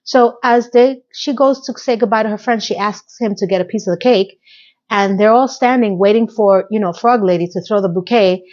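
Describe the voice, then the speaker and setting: A woman's voice: mid-range voice, normal speed, darkish tone, highs cut off. A woman casually recapping a TV episode, chatty and full of opinionated asides.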